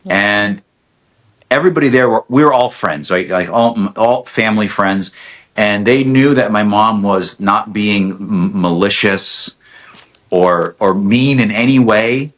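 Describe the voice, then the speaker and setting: A middle-aged man casually telling a family story on a podcast, acting out quotes with lots of restarts. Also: lowish voice. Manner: animated storyteller, acts out quotes, many restarts. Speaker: podcast guest, dentist.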